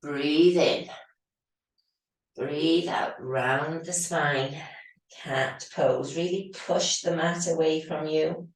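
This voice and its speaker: Heavy echo and a far-off mic position frame a woman guiding a yoga class. She talks slowly and low, a little hoarse from vocal strain, delivering breathing cues in a calm, steady way.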